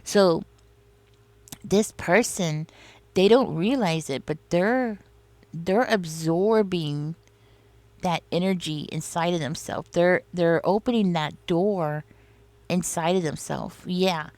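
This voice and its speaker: A woman with a fairly low, slightly mellow voice talks slowly, recorded with no room sound. She's a tarot reader giving a casual, rambling reading, confiding in the listener and speaking straight to them with plenty of "you know" and "like."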